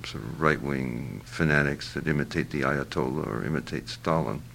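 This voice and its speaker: Older male interviewee, rumbling deep gravelly voice, halting and searching for words, faint hiss behind. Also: a bit bright. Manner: halting, searching for words, many fillers and restarts. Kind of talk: reflective interview answer.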